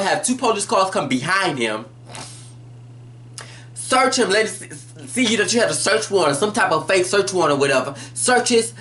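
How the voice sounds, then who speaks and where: A woman in a casual vlog recapping a TV drama episode, blunt and animated, acting out the scenes as she goes. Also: mid-range voice.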